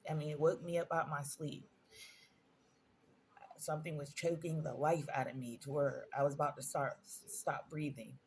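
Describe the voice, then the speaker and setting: A woman's voice: sits low, steady tone, normal speed, a little hiss or hum. A woman vlogger telling personal stories in a casual storytime monologue, earnest and emphatic, repeating phrases for stress.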